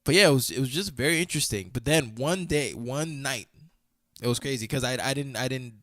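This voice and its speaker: A young man co-hosting a podcast in casual chat, telling a story with lively energy, acting out quoted lines, and laughing often. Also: mid-range voice, a little fast, dry recording, studio quality. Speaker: podcast co-host.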